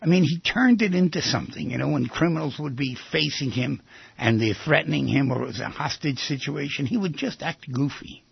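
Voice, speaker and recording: An older man hosting a radio advice show, talking in an animated way and acting out little scenes in other voices. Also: fairly high pitch, fairly quick, vocal fry, slightly rough, dry recording, muffled recording.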